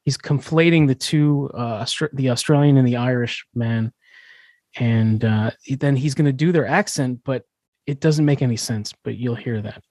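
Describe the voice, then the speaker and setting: A man's voice: mid-range voice, moderate pace, a little mellow, no room sound. A man hosting a podcast, explaining in a casual, chatty way with fillers and restarts. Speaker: podcast host.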